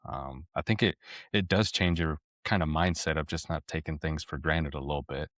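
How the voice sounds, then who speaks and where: Low-voiced guy on a podcast, chill storytelling, dry close mic. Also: fairly even intonation, normal speed, a bit bright, dry recording. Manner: anecdotal storyteller, easygoing. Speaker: podcast co-host. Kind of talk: casual chat.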